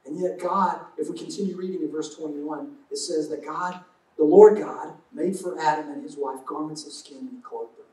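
A high-voiced man preaches in a loose, joking way, slipping into quick acted-out asides. His voice rings around a roomy church space and sits a little back from the mic. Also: a little mellow, distant mic. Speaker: pastor. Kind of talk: sermon.

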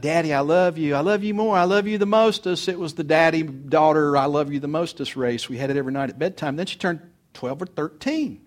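A middle-aged pastor preaching a sermon, earnest, swinging between loud urging and soft confiding. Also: male voice, on the high side.

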